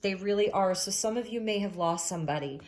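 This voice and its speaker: A woman giving a spiritual tarot reading to camera, speaking gently and reassuringly with frequent "um" fillers, recorded on a phone. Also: medium pitch, fast. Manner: gentle, affirming, many "um" fillers. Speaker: tarot reader.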